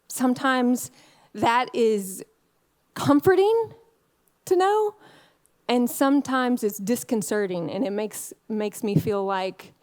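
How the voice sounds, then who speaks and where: A woman preaching a conversational sermon in a candid, chatty way, full of fillers and frequent laughs. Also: on the high side.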